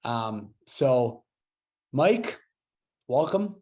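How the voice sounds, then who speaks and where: A man's voice: mid-range voice, sing-song, drawn-out words, a little mellow. A young man in his twenties hosting a casual podcast, talking enthusiastically and restarting his sentences as he rambles. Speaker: podcast host.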